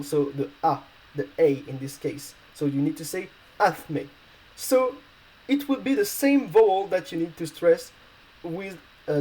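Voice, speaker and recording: A man whose first language is not English, explaining grammar rules as a language teacher, halting often with fillers and correcting himself. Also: a little high, dark tone, poor audio. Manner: hesitant, halting, many fillers and self-corrections.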